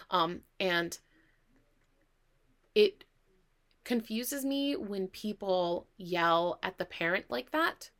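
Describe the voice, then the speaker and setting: A woman co-hosting a parenting podcast, telling stories in an animated, chatty way and laughing easily. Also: on the low side. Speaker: podcast co-host. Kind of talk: casual conversation.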